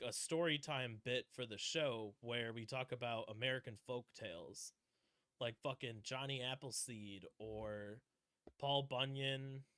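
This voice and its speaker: Brief: male podcast co-host, very bright and forceful tone, rambling, casual cursing. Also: mid-range voice, smooth, dry recording, clean studio sound. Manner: rambling, swears casually, trails off.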